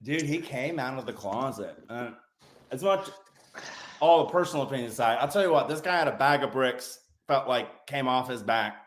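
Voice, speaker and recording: Casting: thirties man, ex-corpsman guest, medium-pitched voice, blunt and salty, animated yarn-spinner. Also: moderate pace. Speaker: podcast guest, former Navy corpsman. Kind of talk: casual storytelling chat.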